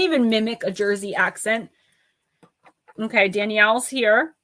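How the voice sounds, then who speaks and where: A woman's voice: medium pitch, a little slow, long pauses, pushed and bright, dry recording. A woman giving blunt, playful oracle card readings to viewers on a live stream, reading their names out in lists. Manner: blunt, playful, lightly profane.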